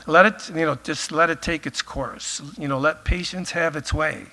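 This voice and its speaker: A man's voice: a little high, moderate pace, bright, forceful tone. A male pastor preaching a conversational sermon, full of filler phrases, while losing his voice.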